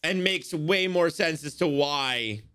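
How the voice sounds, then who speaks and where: A man reacting to an anime episode in casual commentary, excitable and swearing, exclaiming at the screen. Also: a little high, slow, clean tone.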